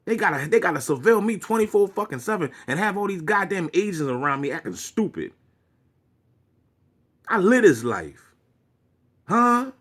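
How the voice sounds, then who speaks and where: A man's voice: high-pitched, very animated, normal speed, long pauses, fairly bright tone. A man delivering a preachy, profanity-laced rant to his viewers as a vlogger. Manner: preachy, swearing, lecturing.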